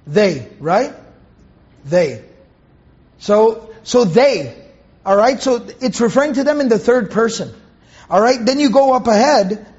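In a high-pitched, darkish, slightly rough voice, a male teacher delivers a Quran commentary lecture to students. He speaks conversationally, repeats phrases, asks rhetorical questions, and recites Arabic verses, and the audio sounds dull.

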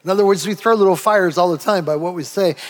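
Guy preaching a sermon, pretty high voice, acts out little bits, big echoey hall. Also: quick pace. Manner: animated preaching with acted-out asides and quoted voices. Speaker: pastor. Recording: long hall reverb.

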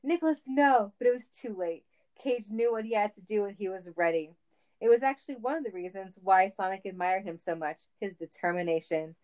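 A woman's voice: medium pitch, fairly quick, a little mellow, low-quality recording. A woman reading a comic story aloud in a playful manner. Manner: playful, laughing.

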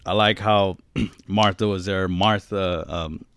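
A man's voice: sits low, slow, clear, resonant tone, dry recording. A man co-hosting a podcast, chatting casually and swearing a lot, telling stories and acting out what people said. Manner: animated storyteller, swears, acts out shouted quotes. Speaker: podcast co-host. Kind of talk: casual chat.

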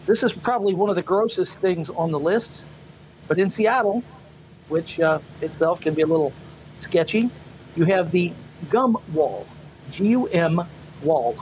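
A man's voice: high voice, moderate pace, a little mellow, a little hiss or hum, rough recording. A man co-hosting a casual chat show, rambling and hesitant with many fillers. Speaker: podcast co-host.

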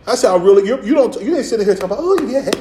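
A male pastor preaches in a loose, streetwise way, acting out voices and joking between verses. His voice is mellow and dark, and it rings in a roomy space with a faint hum behind it. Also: high voice, animated, rapid-fire. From Philadelphia. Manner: streetwise preaching with playful asides and acted-out voices. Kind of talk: sermon.

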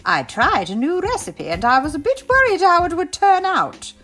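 A woman voicing a gentle grandmother pig in a storybook read aloud. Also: extremely high pitch, huge pitch swings, moderate pace, faint music behind, voice pushed up, full character voice. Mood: fond.

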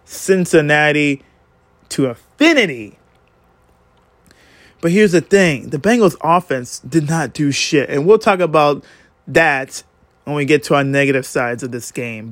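In a dry recording, a man acting as a fan vlogger recaps a game in a casual, excitable way, cursing freely as his pitch rises and falls.

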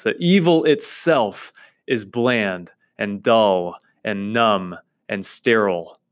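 A man hosting a literature podcast, emphatically lecturing on a novel chapter in repeated lists. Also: lowish voice. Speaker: podcast host teaching literature. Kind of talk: reading and analysing a novel chapter.

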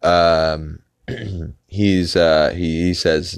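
Brief: deep-voiced male podcast host, rambling casual recap, dry recording. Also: measured pace, clear, resonant tone, dry recording. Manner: rambling with many filler "uh"s.

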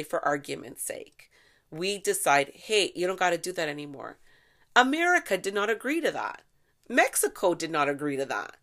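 Woman from Canada, middle-aged, lower voice; opinionated vlog rant, sarcastic, salty, flares up loud. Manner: animated, sarcastic, swears freely, bursts into shouting. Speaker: vlogger. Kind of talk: opinionated solo commentary.

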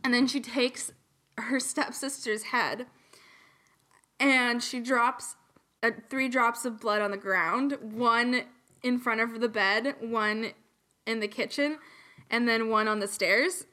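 A woman's voice: fairly high pitch, measured pace, sharp tone. A young woman casually retelling a fairy tale on a podcast, chatty and giggly, swearing and acting out the voices. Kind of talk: casual chat storytelling.

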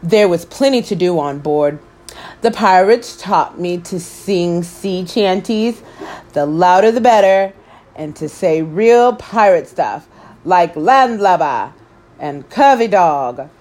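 A woman hosting story time, reading a children's picture book aloud with expressive, animated delivery. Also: fairly low pitch, slow pace.

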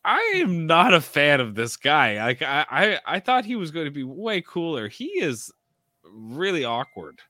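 A man's voice: on the high side, big pitch swings, unhurried, bright, forceful tone, no room sound, studio quality. A man co-hosting a casual podcast chat, rambling with lots of "like" and restarts. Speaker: podcast co-host.

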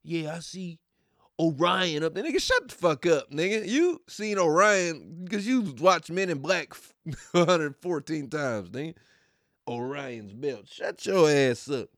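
A man's voice: fairly high pitch, animated, a little slow, fairly bright tone, no echo, clean studio sound. Profane, mocking male podcast host. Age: adult. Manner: profane, mocking, laughs often. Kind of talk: casual podcast rant.

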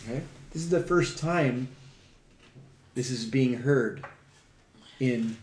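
Speaking slowly in a mid-range voice, this man teaches a Bible study in a conversational way, reading scripture out loud and stressing the questions he asks the group. A faint hum sits under the echo of the room.

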